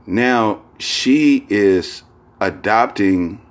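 A man's voice: on the low side, drawn-out words. A man hosting a casual solo podcast, talking in a rambling, profane way full of fillers and restarts. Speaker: podcast host.

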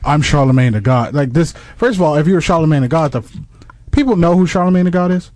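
A man playing a flustered, apologetic ad director who stammers while trying to calm his cast, in a sketch comedy. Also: on the high side, quick pace, no room sound, natural voice. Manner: stammering, placating. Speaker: commercial director.

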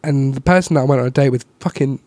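A young man in casual podcast talk, animated and self-deprecating, with frequent laughs. His voice sits at an ordinary middle pitch. The sound is close and dry, with no room around it. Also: quick pace, no echo. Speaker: comedian guest. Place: London arts club.

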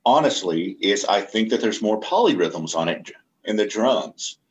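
A man with a very deep voice, talking through an album on a podcast. He stays laid-back and unfiltered, and the swearing comes naturally. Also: animated, unhurried, highs cut off. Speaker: podcast co-host. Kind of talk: casual music review chat.

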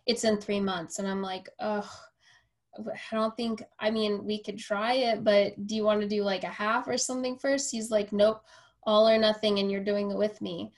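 A woman's voice: mid-range voice, moderate pace. A woman hosting a podcast, a personal trainer telling a story casually, with lots of fillers and acted-out quotes. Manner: animated, acts out quoted dialogue, frequent fillers.

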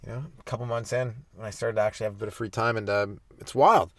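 A man's voice: lowish voice, fast, dry recording, clean studio sound. Stoned man rambling through a comedy bit. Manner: loose, rambling, stoned and animated in bits. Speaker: podcast host.

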